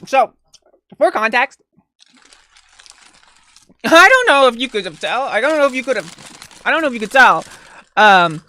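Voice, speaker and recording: A young woman chatting casually and swearing a lot while eating on a live stream, close to a desk mic, breaking into laughs and loud outbursts. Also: on the high side, big pitch swings, measured pace, pauses often.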